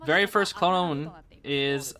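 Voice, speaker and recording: A man streaming live game commentary on a tournament match, excitable and chatty, thinking aloud and breaking into laughter. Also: on the high side, slow pace.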